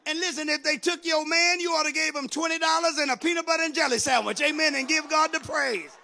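A man preaching a sermon, swinging from loud shouted lines down to quick low muttering. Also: vocal fry. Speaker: pastor.

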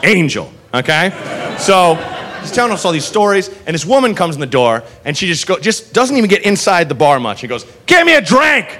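A man telling a stand-up comedy story, animated, swearing freely and laughing through his lines. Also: on the high side, a little fast.

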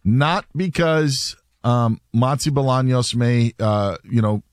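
A man's voice: medium pitch, takes it slowly, no room sound. A man hosting a sports talk radio show, casual with dry sarcasm.

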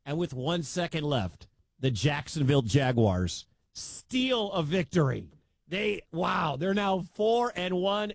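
A man hosting a radio sports show, calling football with emphatic, excitable commentary that climbs into shouts. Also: fairly high pitch, no echo. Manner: emphatic, rising to loud shouts at big plays.

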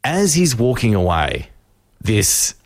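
Animated male radio host, low voice. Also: slow, dry recording, studio quality. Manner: animated storyteller, acts out voices. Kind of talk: radio banter, storytelling.

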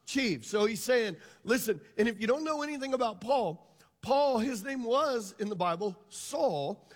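A man's voice: very high-pitched, animated, measured pace, big-room sound. A pastor preaching a sermon to his congregation, emphatic and drawing them into call and response. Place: church hall.

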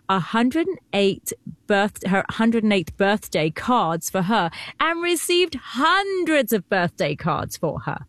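A woman with a British accent co-hosting a talk show, chatty and animated, laughing often. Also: medium pitch, dry recording. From Britain. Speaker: co-host. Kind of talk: casual chat.

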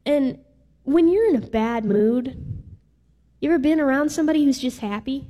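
A woman's voice: high-pitched, animated, normal speed, warm tone. A woman preaching a sermon in a casual, playful way with some filler words. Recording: reverberant hall.

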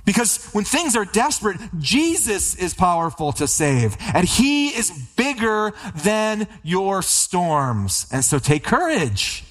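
A man preaching a sermon as a pastor, building emphatic runs and slowing on key lines. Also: a little high.

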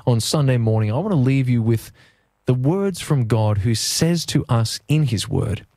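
A man preaching as a pastor, then leading a prayer, in an earnest, gentle way with slow emphatic phrases. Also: mid-range voice, expressive, no echo, studio quality. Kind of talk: sermon and prayer.

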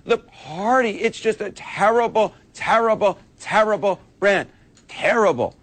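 A man's voice: high voice, animated, unhurried, no room sound. Emphatic man analyzing poll numbers. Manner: emphatic, repetitive. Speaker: political commentator. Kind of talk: TV political analysis.

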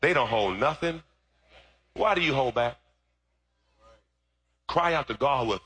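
A male pastor preaching a sermon, moving from relaxed storytelling to loud, fervent, shouted preaching. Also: mid-range voice, measured pace, breathy edge.

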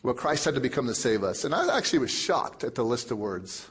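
A male pastor preaching a sermon, emphatic, with lots of repetition and big swings between loud and soft. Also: medium pitch, big pitch swings, a little fast.

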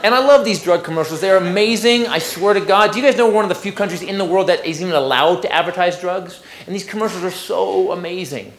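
A man doing a sarcastic stand-up comedy routine, incredulous and shouting his punchlines. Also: high voice, fast, few pauses, reverberant.

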